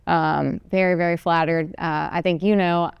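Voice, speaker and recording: A woman in her thirties, a lawyer being interviewed, answering in a measured, friendly way with some um fillers. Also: on the low side, flat delivery, vocal fry, clear, resonant tone, no room sound, dull audio. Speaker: lawyer guest.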